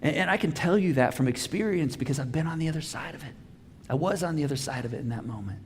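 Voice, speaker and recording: A man preaching a sermon as pastor, telling a personal story with lively acted-out dialogue. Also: on the high side, quick pace, in a large hall, a little hiss or hum. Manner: animated storytelling, acts out dialogue. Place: church auditorium.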